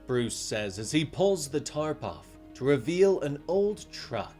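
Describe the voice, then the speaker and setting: A man narrating a comic story in a dramatic, animated scripted style. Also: fairly high pitch, takes it slowly. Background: faint music.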